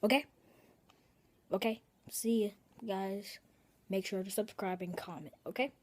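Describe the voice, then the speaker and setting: A woman chatting casually in a home video, showing her pet and rambling with breathy asides and self-corrections. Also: mid-range voice, a little slow.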